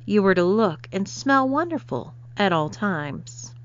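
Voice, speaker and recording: A woman's voice: medium pitch, very animated, unhurried. A woman reading a story, voicing a cool, professional young female assistant who speaks matter-of-factly. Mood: dry. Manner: dry, matter-of-fact. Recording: slightly dull lo-fi recording.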